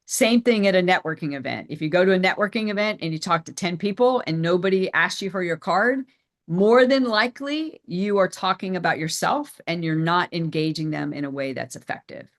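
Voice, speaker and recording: A middle-aged woman presenting a sales training as a business coach, energetic and emphatic, repeating her key phrases. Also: fairly low pitch, fairly quick. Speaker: business coach and company CEO.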